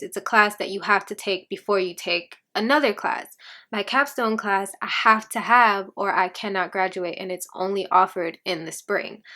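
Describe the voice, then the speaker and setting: A young woman speaks straight to her viewers, sharing a personal faith testimony as a lively, chatty story. She acts out every exchange and slips in laughs between phrases, at a mid pitch for a woman. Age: young adult. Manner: animated storytelling, acts out quoted dialogue. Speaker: vlogger.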